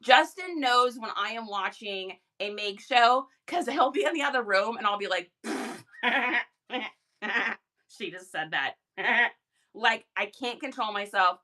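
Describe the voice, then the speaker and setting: Bright, bubbly woman livestream host. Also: a little high. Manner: energetic, chatty, quick laughs. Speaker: live stream host. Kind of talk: casual live chat.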